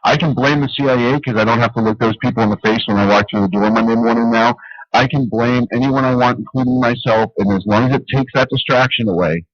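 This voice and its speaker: A man's voice: mid-range voice, fast, no echo. A man hosting a casual call-in radio show, joking with his co-host and a caller. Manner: joking, laughs often. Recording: dull dry lo-fi stream audio.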